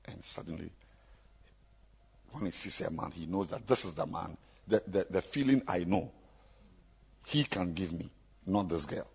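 A man preaching a sermon to his congregation, emphatic and repetitive, with sudden loud bursts. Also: sits low, normal speed, gravelly, pauses often, slightly rough. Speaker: pastor. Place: church. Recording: echoey church hall, dull lo-fi sound.

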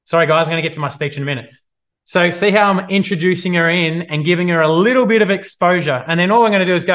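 Energetic male coach in his thirties, motivational live-stream delivery. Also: high voice, fast. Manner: energetic, animated, acts out scenes. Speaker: business coach. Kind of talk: motivational live video talk.

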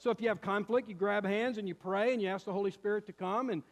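A pastor in his fifties preaches to his church, telling a story with lively acted-out quotes. His man's voice sits notably high. The sound carries the long reverb of a church sanctuary. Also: fast talker. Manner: animated storytelling, acts out quotes. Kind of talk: sermon with personal story.

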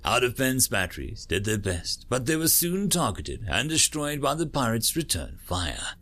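A man narrating a dramatic first-person story, sometimes dropping into hushed tones. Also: mid-range voice, very animated, moderate pace. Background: faint music.

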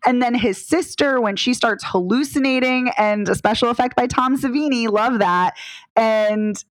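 A woman co-hosting a casual film discussion podcast, enthusiastic and quick to laugh. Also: a little high, dry recording. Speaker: podcast co-host.

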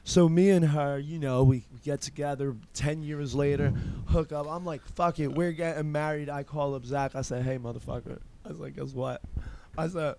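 A man's voice: a little high, steady tone, moderate pace, warm tone, a little hiss or hum. A man hosting a casual podcast, telling profane stories with lots of laughter and acted-out quotes. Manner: profane, laughing storyteller who acts out quotes. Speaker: podcast host. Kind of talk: casual chat.

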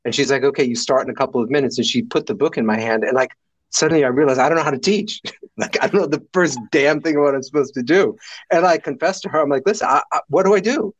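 A middle-aged man from the United States, a guest telling stories with animated delivery and acting out the people in them. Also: a little high, fast talker, no room sound, dull audio. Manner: animated, acts out voices in his stories. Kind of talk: storytelling in a conversation.

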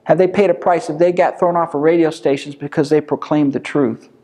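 A man's voice: fairly high pitch, steady tone, fairly quick, warm tone. A man leading an informal Bible study lesson, speaking conversationally and firing off rhetorical questions that he answers himself.

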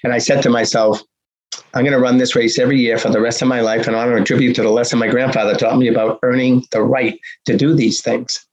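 Husky older man telling stories. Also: medium pitch, flat delivery, fast talker. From Boston area, USA. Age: 60s. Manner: acts out dialogue, punchy repetitions. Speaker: guest telling his life story. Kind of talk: animated storytelling. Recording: dull lo-fi recording.

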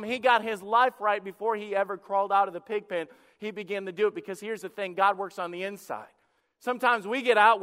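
A man's voice: high-pitched, fairly bright tone. A male pastor preaching a sermon with passion, acting out quoted prayers and pleas. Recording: long hall reverb.

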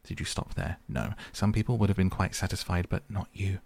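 Ratty, a sarcastic water rat, voiced by a gravelly man. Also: sits low, fairly even intonation, a little mellow. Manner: sarcastic, brisk. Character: sharp-tongued male water rat, bossy.

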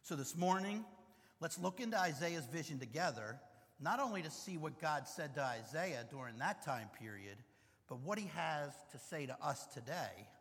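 A man's voice: a little high, animated, moderate pace, fairly bright tone. Man preaching in a reverberant church. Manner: joking asides, then earnest preaching. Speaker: pastor. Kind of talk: sermon. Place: church sanctuary. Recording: long reverb in a church hall.

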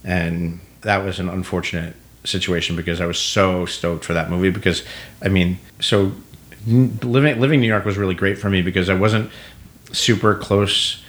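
Deep-voiced man telling stories. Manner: animated storyteller acting out quoted dialogue. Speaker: guest actor. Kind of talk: casual storytelling.

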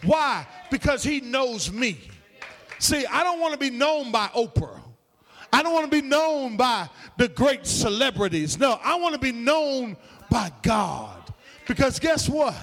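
A man preaching in a church, his voice pitched very high and swinging widely in melody. He moves between rhythmic, sing-song phrasing and full shouts. A long reverb trails behind him in the hall. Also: very animated, measured pace. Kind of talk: sermon.

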